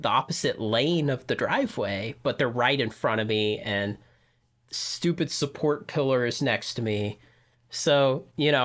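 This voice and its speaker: This is a man on a casual podcast who wanders through a personal anecdote. He stumbles over his words and leans on fillers, and his voice sits at an everyday middle pitch. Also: fairly bright tone. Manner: rambling anecdote with frequent "you know" and restarts. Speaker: podcast co-host telling a story. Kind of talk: casual chat.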